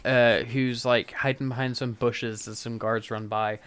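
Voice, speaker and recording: A man's voice: mid-range voice, little pitch movement, unhurried, fairly bright tone, clean tone. A man co-hosting a podcast, chatting casually with frequent laughs while recapping a TV episode. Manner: chatty, laughs often, many fillers. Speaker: podcast co-host.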